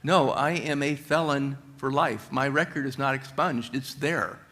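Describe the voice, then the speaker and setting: A middle-aged man giving a motivational talk at a church, telling stories with high energy. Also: measured pace, bright, forceful tone. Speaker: guest speaker.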